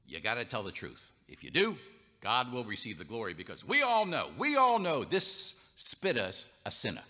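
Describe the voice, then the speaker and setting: A man's voice: medium pitch, wildly swooping pitch, normal speed, pushed and bright, full character voice. A man voicing pompous, indignant religious leaders who bluster and accuse. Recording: reverberant chapel hall.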